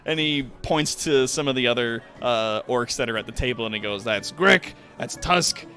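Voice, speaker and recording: A man's voice: mid-range voice, fairly quick, fairly bright tone, faint music behind. A man narrating as game master in a tabletop game, rambling with many fillers and restarts.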